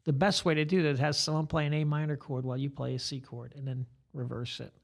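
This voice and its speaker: An older man, a guitar teacher, talking in a relaxed podcast chat and rambling through examples as he explains. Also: mid-range voice, fast, creaky. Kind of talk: casual podcast conversation.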